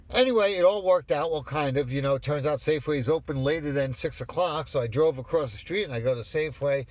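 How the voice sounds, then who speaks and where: A man in his fifties ranting in a rambling, exasperated way, swearing as he goes. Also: mid-range voice. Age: 50s. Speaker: ranter. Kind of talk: casual rant.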